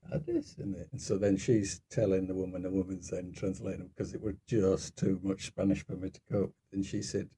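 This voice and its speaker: A man's voice: low-pitched, gravelly, warm tone, slight background noise. A man, co-hosting a podcast and telling travel anecdotes in casual chat, laughing through his stories. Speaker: podcast co-host.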